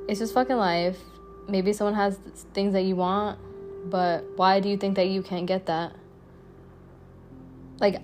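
Blunt, profane young woman podcaster. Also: mid-range voice. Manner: blunt, profane, chatty with frequent "like" fillers. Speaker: podcast host. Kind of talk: casual solo podcast monologue.

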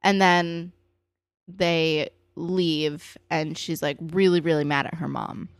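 A woman casually recapping a TV episode as podcast co-host, chatty and full of fillers, popping into higher voices when she quotes characters. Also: fairly even intonation, takes it slowly, no echo, studio quality.

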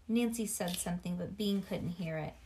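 A woman reading a children's storybook aloud, animated, with asides to a child listening. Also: fairly low pitch, moderate pace, a little hiss or hum. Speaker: reader.

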